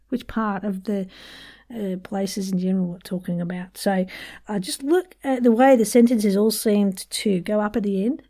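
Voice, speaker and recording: A voice and accent coach who hosts a podcast gives a casual accent lesson, chatty and playful, poking fun at herself and laughing often. Her mid-range voice is warm and moves at normal speed.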